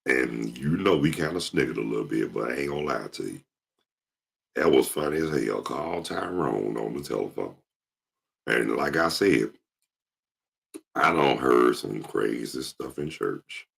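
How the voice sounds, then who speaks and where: A man hosting his show, telling casual stories in an animated way and jumping into impressions. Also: a bass voice, moderate pace, creaky, husky. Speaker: show host. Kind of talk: casual storytelling monologue.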